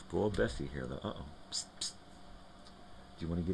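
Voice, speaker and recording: A man's voice: sits low, animated, brisk, vocal fry, background noise. A man hosting a live morning show from home, chatting loosely and rambling, turning now and then to talk to his dogs. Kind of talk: casual rambling chat.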